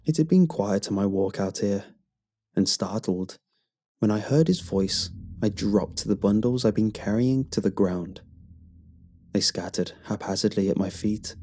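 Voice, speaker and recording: A man reading a horror story aloud in a slow, brooding delivery with sudden rises. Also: lowish voice, mellow, husky. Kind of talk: scripted horror narration.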